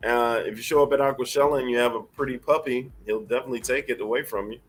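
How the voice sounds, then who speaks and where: A man co-hosting a casual stream, telling animated stories and acting out other voices. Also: medium pitch, fast talker. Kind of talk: casual live-stream chat.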